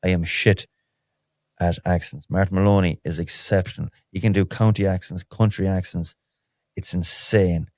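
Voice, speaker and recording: A man's voice: low-pitched, steady tone, moderate pace, a little mellow, no room sound, clean studio sound. A man with an Irish accent hosting a solo podcast, talking in a candid, wry, rambling way with lots of restarts. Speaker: podcast host. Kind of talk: solo podcast, casual chat.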